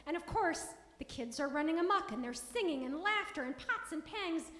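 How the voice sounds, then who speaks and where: In a synagogue sanctuary, a woman with a high voice tells a children's story aloud at a service, slipping into playful character voices. Her warm, animated delivery at a moderate pace suits young listeners, and her voice echoes through the large, reverberant hall.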